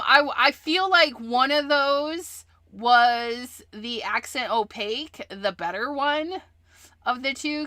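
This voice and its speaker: A woman's voice: a little high, sharp tone, dry recording, clean studio sound. A woman hosting a craft livestream, chatting casually as she explains each step she works on.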